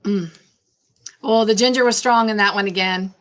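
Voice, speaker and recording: A woman hosting a casual live stream, warmly greeting chat viewers by name and chatting between tasks. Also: mid-range voice, fairly even intonation, normal speed. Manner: warm, effusive greetings to chat viewers, easily sidetracked. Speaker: livestream host.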